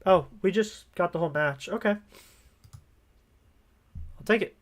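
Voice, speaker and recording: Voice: mid-range voice, a little slow. A streamer giving casual live commentary while playing a card game, thinking aloud in an upbeat, easygoing way.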